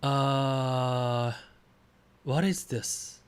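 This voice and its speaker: A man chats loosely on stream while working through a guessing game, his simple phrases coming haltingly between excited cheers. He has a mid-range voice with a clear, resonant tone.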